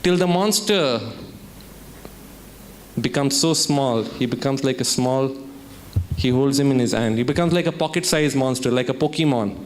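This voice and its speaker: A man from India addresses a student summit from a lecture hall, using a story and audience questions to motivate the crowd. He speaks at a moderate pace with a medium-pitched voice, and there's a bit of background noise.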